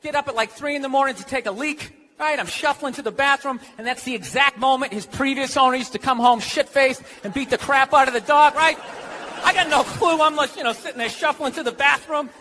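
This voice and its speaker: High voiced comedian guy ranting on stage, yelling punchlines, noisy club with the crowd cracking up. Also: fairly quick. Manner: ranting, sarcastic, shouting punchlines. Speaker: stand-up comedian. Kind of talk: stand-up comedy routine. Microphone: handheld stage mic. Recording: live stage with loud crowd laughter and noise. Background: audience laughing.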